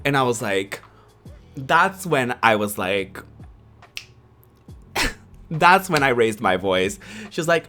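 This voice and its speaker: Young male streamer, casual anecdote, animated delivery, expressive pitch. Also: normal speed, long pauses, faint music behind. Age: 20s. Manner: animated, filler-heavy, laughing often. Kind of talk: casual storytelling.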